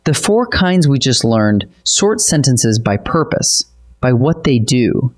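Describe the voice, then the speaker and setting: Lively, measured grammar teacher. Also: medium pitch. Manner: measured, explanatory, lively intonation. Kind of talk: scripted grammar lesson narration.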